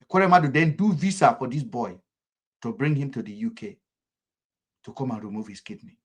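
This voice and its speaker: With a medium-pitched, slightly rough voice and a Nigerian accent, a man speaks a little fast in fervent political commentary. His delivery repeats in an impassioned rhythm, lurching sharply from loud to soft.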